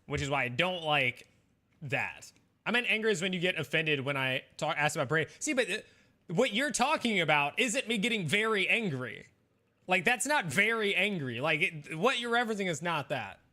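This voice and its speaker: Bright-voiced young man chatting with viewers. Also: high voice, big pitch swings, moderate pace. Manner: rambling, defensive, many fillers. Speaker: game streamer. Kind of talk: casual chat with viewers.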